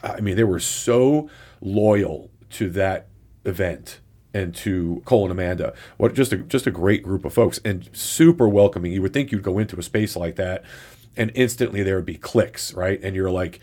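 A man's voice: low voice, normal speed, mellow. A man co-hosting a casual podcast, rambling along and often repeating words as he talks. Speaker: podcast co-host.

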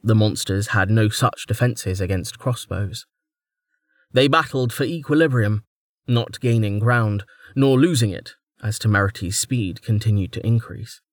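A man's voice: on the low side, measured pace, dry recording. A man narrating a fantasy audiobook with dramatic storytelling, close to the mic. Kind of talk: scripted narration.

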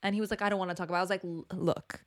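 A young woman co-hosting a casual chat podcast, blunt and animated, swearing freely as she tells stories. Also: medium pitch, racing. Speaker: podcast co-host.

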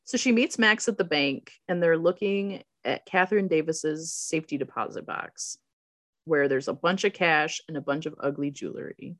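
A woman's voice: low-pitched, normal speed, fairly bright tone, dry recording, studio quality. A woman casually recapping a TV episode as a podcast co-host, acting out characters' lines and laughing often. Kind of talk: casual chat.

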